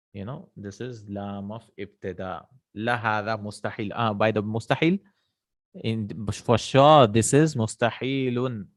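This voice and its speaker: Low-voiced man teaching grammar. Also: no room sound. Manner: explains slowly, repeats terms, asks "right?". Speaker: Arabic language teacher. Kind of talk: recorded grammar lesson.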